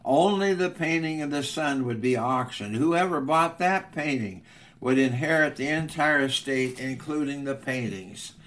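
A man's voice: medium pitch, lively intonation, unhurried, a bit bright. A man voicing a persistent male auctioneer who calls out bids insistently in a retold story. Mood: solemn.

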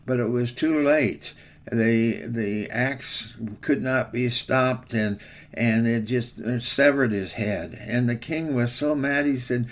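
A man's voice: mid-range voice, slow. An older man, a pastor, giving a folksy devotional sermon in a rambling, homespun storytelling manner.

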